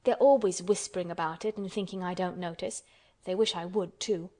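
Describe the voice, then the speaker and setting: A woman's voice: on the low side, fairly even intonation, a little fast, warm tone, close to an everyday voice. A woman voicing a sickly, peevish young boy who speaks restlessly and resentfully.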